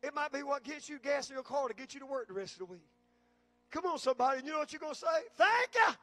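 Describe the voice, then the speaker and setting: A man preaching a sermon as pastor, calling out to the congregation and building to shouts. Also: very high voice, rapid-fire, no echo.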